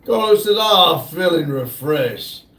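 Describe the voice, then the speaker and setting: A man hosting a casual livestream, slowly reading viewer comments aloud in a drawl. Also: on the high side, lively intonation, a bit bright. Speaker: livestream host reading chat. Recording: echoey room, distant mic.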